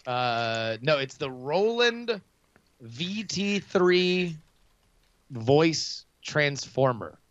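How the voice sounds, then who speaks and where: A man's voice: fairly high pitch, sing-song, extremely slow, a bit bright, dull audio. A man co-hosting a casual comedy podcast, hesitant and dry in his delivery. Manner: hesitant, dry, laid-back. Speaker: podcast co-host.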